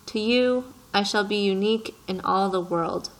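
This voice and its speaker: A woman voicing a wise, patient male fox in a storybook, reading in a gentle, earnest way. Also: medium pitch, normal speed, lightly acted, low-quality recording.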